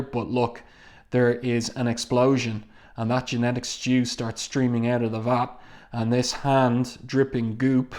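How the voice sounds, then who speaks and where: A man reviewing a comic book page by page in a casual, measured way, often pausing to find his words. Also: mid-range voice, darkish tone.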